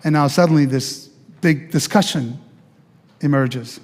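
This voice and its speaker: An older pastor tells his personal testimony with animated storytelling, stumbling over restarts and acting out the voices he quotes. His voice sits fairly high for a man. It rings with the long reverb of a church hall. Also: a little slow.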